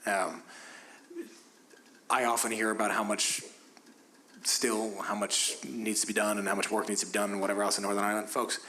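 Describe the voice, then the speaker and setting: A man speaking on a panel, casual with halting starts, then building to emphatic encouragement of the audience. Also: fairly low pitch, level tone, sharp tone, slight background noise, rough recording. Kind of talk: informal panel remarks.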